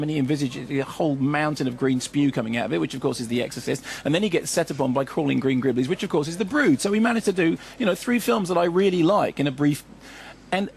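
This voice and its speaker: A man's voice: mid-range voice, creaky, a little mellow, slight background noise. A man giving a wry, digressive radio film review as a film critic, full of asides.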